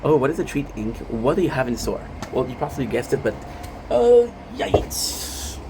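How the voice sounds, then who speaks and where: A man's voice: mid-range voice, fast. Guy rambling to his stream chat, lots of ums and tangents, a little hiss behind him. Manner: rambling, self-interrupting, many fillers and asides to chat.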